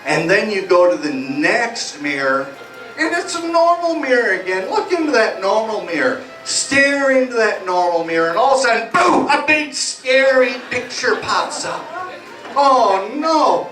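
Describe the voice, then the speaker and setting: A high-voiced man runs a stage hypnosis act, talking slowly and playfully as he walks volunteers through suggestions. He is picked up from far off in an echoey bar, with music behind him. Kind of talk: live hypnosis comedy show. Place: small bar, live show.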